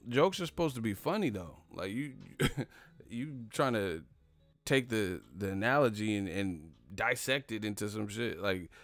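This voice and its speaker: A man hosting a casual live stream about boxing, ranting in a rambling, profane way and laughing at his own jokes. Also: fairly low pitch. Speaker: boxing commentary host.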